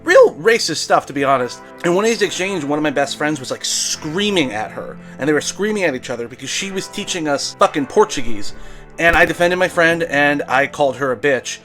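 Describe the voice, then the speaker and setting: A man's voice: on the high side, lively intonation, fairly quick, a bit bright, faint music behind. A young adult man from Brooklyn, telling a rambling, profane comedy story in a casual monologue. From Brooklyn, New York.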